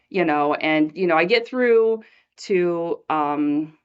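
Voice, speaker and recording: A woman's voice: mid-range voice, normal speed, clear, resonant tone. Woman, middle-aged, podcast host, chatty storytelling, slightly muffled lo-fi sound. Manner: animated storyteller who acts out quoted dialogue. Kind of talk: personal storytelling chat.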